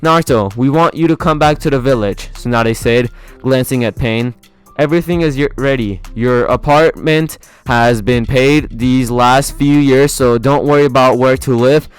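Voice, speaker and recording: An older woman leader of a village in a fan story, pleading earnestly, as a man voices her. The voice stays smooth and mid-pitched, with a hint of lift. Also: moderate pace, faint music behind, close to an everyday voice.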